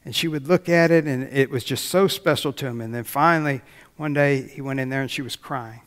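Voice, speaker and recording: A man's voice: mid-range voice, a little fast, a bit bright. A man preaching a folksy sermon as pastor, telling a story and closing in prayer. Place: church sanctuary. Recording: long church reverb.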